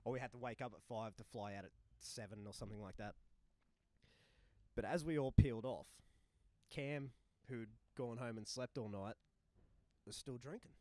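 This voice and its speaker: A young man telling a tour story with swearing, acting out voices and shouting punchlines. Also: mid-range voice, moderate pace, pauses often, dry recording. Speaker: touring musician guest. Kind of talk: animated storytelling. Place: live recording in a bar.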